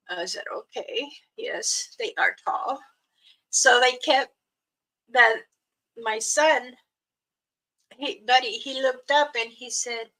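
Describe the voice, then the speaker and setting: Telling a personal anecdote at a slow pace, a mother with a high-pitched voice chats casually and laughs frequently. She imitates her children and quietens her voice for her own quoted lines, and the recording quality is low.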